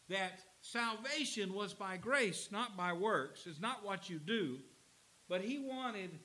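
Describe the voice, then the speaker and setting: High, bright-voiced male preacher. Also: rough recording. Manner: earnest preaching, slows for emphasis. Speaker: pastor. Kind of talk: sermon.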